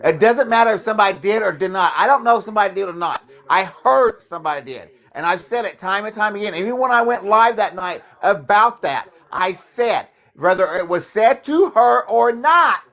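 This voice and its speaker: A man's voice: high-pitched, lively intonation, normal speed, a bit bright. A man hosting a live stream, arguing heatedly and swearing as he repeats his point. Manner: angry, profane, repeats his point emphatically. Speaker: livestream host.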